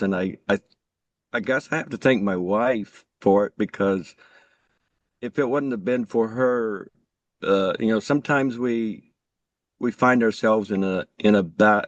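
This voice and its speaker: A man raised in an Amish community introducing himself on a group call, halting and sincere, with many restarts. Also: lowish voice, dry recording, muffled recording. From Amish community, USA. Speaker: truck driver and coach, participant.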